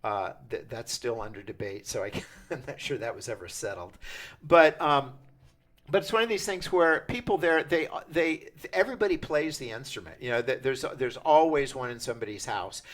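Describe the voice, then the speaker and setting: An older man runs a lively percussion workshop, explaining rhythm ideas in a loose, chatty way. He stops and restarts his sentences often, with plenty of fillers between thoughts. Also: medium pitch, normal speed. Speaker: percussion teacher. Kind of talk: interactive music workshop.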